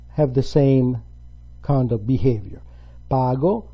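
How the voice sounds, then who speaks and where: Male teacher, slow and husky, patient grammar lesson on a dull lo-fi recording with faint music. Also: mid-range voice. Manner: patient, explains step by step. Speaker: Italian language teacher.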